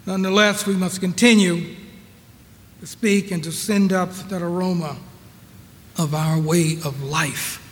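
A man preaching in a notably high voice, drawing out each phrase at a slow, deliberate pace. He leans on repeated rhetorical questions, and his words ring out with a long echo of the hall. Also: fairly even intonation, slight background noise. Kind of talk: sermon.

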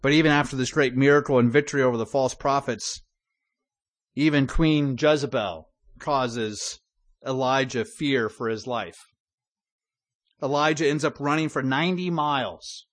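A man's voice: medium pitch, moderate pace. A middle-aged man preaching a sermon in a conversational way, with asides and restarts.

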